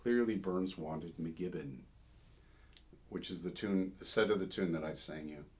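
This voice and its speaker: Low male voice, older folk singer and scholar, informal talk with sung fragments, thoughtful and meandering. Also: unhurried, darkish tone. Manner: thoughtful, digressive, sings short phrases to illustrate. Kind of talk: informal spoken commentary on a song.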